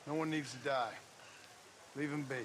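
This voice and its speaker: A man's voice: medium pitch, fairly even intonation, normal speed, very noisy, natural voice. John Marston, a dry tough cowboy, as a man plays him. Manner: dry, wry, blunt.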